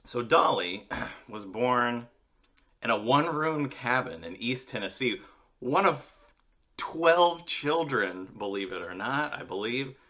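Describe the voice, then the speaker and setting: A man's voice: mid-range voice, expressive, slow pace, pushed and bright. A young man hosting a daily music vlog, chatting casually with constant swearing and jokey rants, his voice a bit worn from singing. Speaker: host of a daily music video series. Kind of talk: casual, profane vlog chat.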